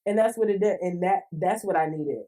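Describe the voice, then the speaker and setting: A woman guest on a podcast, talking earnestly and lively, often saying "like". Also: on the low side, brisk. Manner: earnest, heavy use of "like", lively. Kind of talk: conversational podcast chat. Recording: distant mic, roomy.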